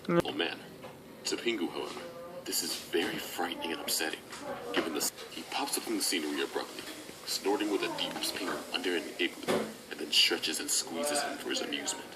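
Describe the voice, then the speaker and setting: Low-voiced man narrating a video script. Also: very animated, a little fast, heavy background noise.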